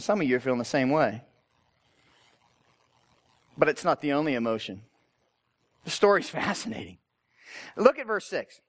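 High-voiced man preaching conversationally. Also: a bit bright. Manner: conversational, rhetorical questions, frequent tag "right?". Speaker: pastor. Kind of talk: sermon.

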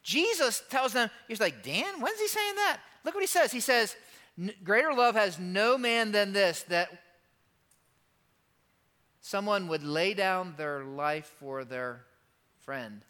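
A man preaching a sermon as a pastor, emphatic and animated, acting out quoted lines and tossing asides to the congregation. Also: high voice, slow pace, pauses often. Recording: long hall reverb.

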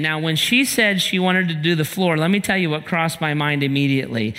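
A man's voice: fairly high pitch, moderate pace, bright, forceful tone, big-room sound. A male pastor giving a conversational sermon, asking rhetorical questions and telling personal stories.

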